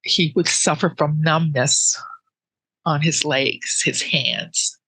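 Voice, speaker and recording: A woman telling her personal grief story in an interview, with earnest, halting speech full of restarts that sits close to tears. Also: deep voice, steady tone, husky, no room sound, poor audio. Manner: soft and emotional, close to tears.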